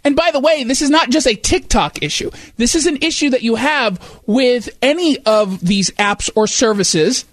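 A man's voice: very high-pitched, normal speed, few pauses, a bit bright, no room sound. A man hosting a talk show, giving opinionated commentary in a sarcastic, mocking manner.

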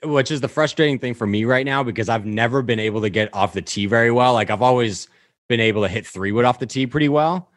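A man in casual conversation, recounting a round in clipped, rapid-fire fragments. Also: mid-range voice, no echo, studio quality. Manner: rattles off shot-by-shot recaps in clipped fragments. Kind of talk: casual chat about golf.

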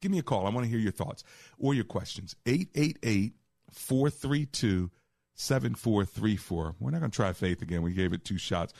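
Low gravelly-voiced pastor hosting radio. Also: male voice, expressive, a little mellow, no echo, clean studio sound. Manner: preacher's cadence, slows for scripture. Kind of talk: radio Bible teaching and call-in. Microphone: studio microphone.

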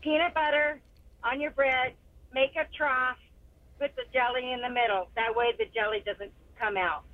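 A woman's voice: high-pitched, steady tone, moderate pace, dry recording, phone-quality sound. A woman in her sixties calling in to a radio show, telling her story bluntly and plainly over the phone. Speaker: caller. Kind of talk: call-in radio chat.

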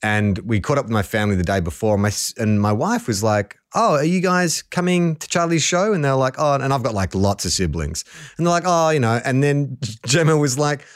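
A man's voice: mid-range voice, a little fast, no echo, studio quality. A man, a podcast guest telling rambling, self-deprecating stories in casual chat.

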